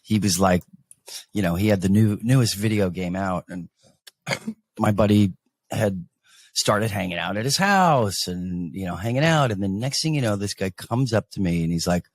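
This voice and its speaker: A man's voice: lowish voice, animated, moderate pace, no room sound. A middle-aged man, a podcast co-host, telling a personal story in a rambling casual way, full of fillers and acted-out quotes. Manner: rambling, full of "you know" and "like"; acts out quoted dialogue in changed voices.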